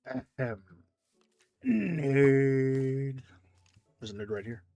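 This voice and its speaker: A man's voice: mid-range voice, fairly even intonation, normal speed, a little mellow, slight background noise. Rambling male gaming streamer. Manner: rambling, self-deprecating, reading chat. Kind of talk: casual gameplay commentary.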